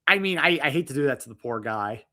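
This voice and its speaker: A man's voice: medium pitch, lively intonation, fast, bright, forceful tone. A man co-hosting a wrestling podcast in casual chat, rambling and restarting his sentences, chuckling as he goes. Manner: rambling, self-interrupting, chuckles. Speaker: podcast co-host.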